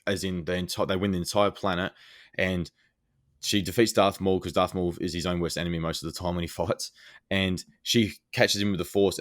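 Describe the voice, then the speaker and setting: A man's voice: sits low, dry recording, clean studio sound. A man co-hosting a podcast, eagerly retelling scenes in casual chat with lots of fillers. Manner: excited, rambling scene retelling with many fillers. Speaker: podcast co-host.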